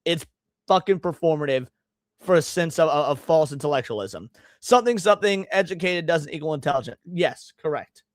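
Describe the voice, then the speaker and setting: A man's voice: on the high side, expressive, fairly quick, no room sound, studio quality. A man hosting a live stream, reacting to clips with blunt, profane, emphatic rants. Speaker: streamer host.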